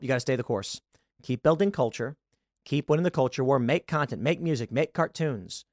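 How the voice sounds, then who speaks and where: A man in his thirties hosting a podcast, ranting about politics in an animated, mocking way. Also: mid-range voice, no echo, studio quality. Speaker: podcast host. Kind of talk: political commentary rant.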